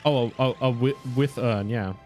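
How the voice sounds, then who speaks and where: A man's voice: mid-range voice, normal speed, darkish tone, soft background music. A young man casually commenting on his own game stream, rambling, correcting himself, swearing and laughing now and then. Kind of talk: casual live gameplay commentary.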